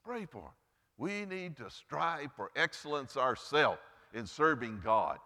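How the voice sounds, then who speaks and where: A man's voice: very animated, unhurried, sharp tone, big-room sound. A man preaching a Mother's Day sermon as pastor, earnest, lifting and dropping his voice for emphasis, then praying. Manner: earnest preaching, pitch and volume rising and falling for emphasis. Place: church sanctuary.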